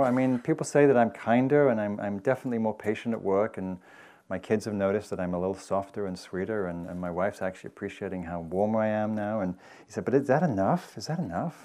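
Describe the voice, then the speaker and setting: A man from England giving a meditation dharma talk, telling stories in a gentle, conversational way. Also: on the low side. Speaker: meditation teacher. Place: meditation hall with audience.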